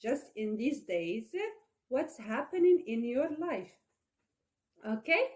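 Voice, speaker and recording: A young woman teaching an English lesson, explaining slowly and patiently and often checking in with "okay?". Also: a little high, very animated, darkish tone. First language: Arabic.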